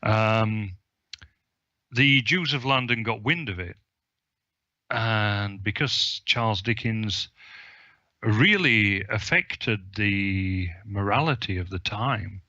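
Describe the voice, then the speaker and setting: A man's voice: lowish voice, sharp tone, dry recording, dull audio. A man co-hosting a casual film discussion podcast, talking in a hesitant way with many ums and restarts. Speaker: podcast co-host; publisher.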